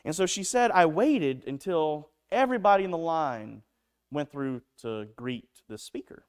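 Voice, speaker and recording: In a church sanctuary, a pastor delivers a sermon, telling stories earnestly and often restarting his sentences. His voice is on the high side, animated, a little slow and mellow, with a clean tone.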